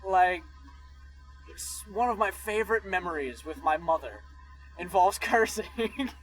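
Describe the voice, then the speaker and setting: A man co-hosting a podcast during a road trip, telling a funny family story in a lively, animated way. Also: high voice, a little slow, soft background music, rough recording. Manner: lively storyteller who acts out quotes. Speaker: podcast co-host. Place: inside a car on a road trip.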